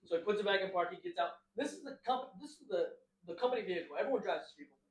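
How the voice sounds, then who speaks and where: A young man co-hosting a podcast, telling stories casually and acting out the quotes loudly. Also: high-pitched, rapid-fire, distant mic. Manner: animated, acts out quotes loudly. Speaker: podcast co-host. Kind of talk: casual storytelling chat. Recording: echoey room, voice a bit off-mic.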